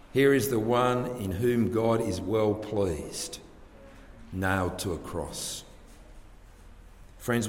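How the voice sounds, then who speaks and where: A man preaching a sermon to a congregation, earnest and full of rhetorical questions, rising and dropping his loudness for emphasis. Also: mid-range voice. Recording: long hall reverb, faint background ambience.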